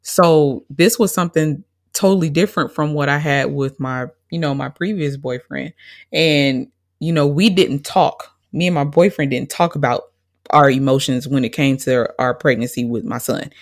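A woman's voice: low voice, moderate pace. Brief: interview guest, woman, candid, emotional storytelling.

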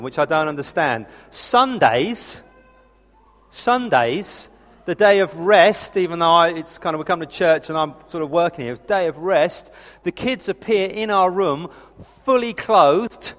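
A man's voice: high voice, a bit bright. A man in his thirties preaching a sermon, telling family stories in a chatty, self-deprecating way. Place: church hall. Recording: reverberant hall.

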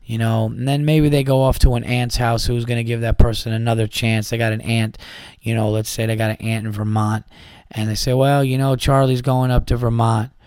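A man's voice: on the low side, level tone, brisk, a little mellow, clean tone, no echo. A man hosting a comedy podcast, ranting with exasperation and acting out the people in his stories. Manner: exasperated, rambling, acts out quoted voices. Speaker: podcast host. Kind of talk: comedic rant.

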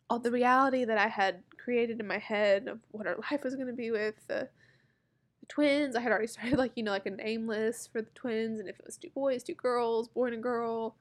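Woman vlogger in her thirties, higher register, emotional confessional delivery, heartfelt with frequent pauses. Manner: halting, heartfelt, many pauses and fillers. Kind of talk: personal story told to camera.

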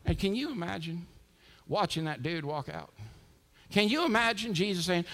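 High-voiced male pastor preaching in a reverberant hall. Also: moderate pace, pauses often. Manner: animated preaching, big swings between loud and hushed. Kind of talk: sermon. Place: church sanctuary with a congregation. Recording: long reverb from a large hall.

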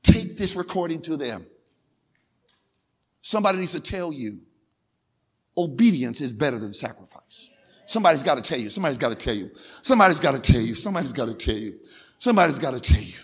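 A male pastor preaching a sermon, repeating phrases insistently and building from quiet talk to crying out. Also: big pitch swings, fast, pauses often, husky. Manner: swings from low and quiet to shouting, crying out.

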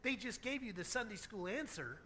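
A man's voice: high voice, lively intonation, moderate pace, bright, forceful tone, a little hiss or hum. A man voicing an indignant grown prophet throwing a temper tantrum, whiny and petulant.

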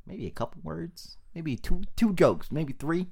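A man's voice: on the high side, expressive, unhurried, gravelly, darkish tone, slightly rough. A young man, a comedian guest on a podcast, telling family stories in casual chat, laughing often and acting out the people he quotes.

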